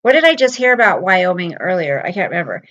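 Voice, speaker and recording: A woman's voice: lowish voice, big pitch swings, fast talker, a bit bright, low-quality recording. Chatty middle-aged woman streaming to viewers. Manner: chatty, rambling, emotional storytelling. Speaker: livestream host. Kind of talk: casual chat with viewers.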